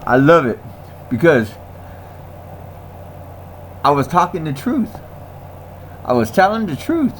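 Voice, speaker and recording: A man's voice: on the high side, very animated, slow, long pauses, slight background noise. A man in a casual ranting monologue who repeats himself, laughs often and talks in slang. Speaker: vlogger.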